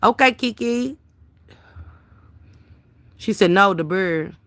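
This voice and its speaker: A woman's voice: medium pitch, animated, takes it slowly, no echo. A woman hosting a casual livestream, reading viewers' comments aloud and chatting back to them by name.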